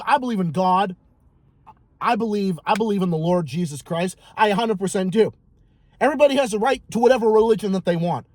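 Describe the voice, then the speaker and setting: A man's voice: sits high, darkish tone, no echo. A man vlogging a heated monologue, ranting profanely and repeating himself for emphasis.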